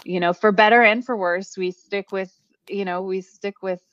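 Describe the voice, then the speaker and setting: A woman's voice: mid-range voice, steady tone, normal speed, fairly bright tone, no echo. Woman guest, earnest and rambling, muffled dry recording. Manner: earnest, rambling with many fillers. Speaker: interview guest. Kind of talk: casual conversation. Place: New Orleans.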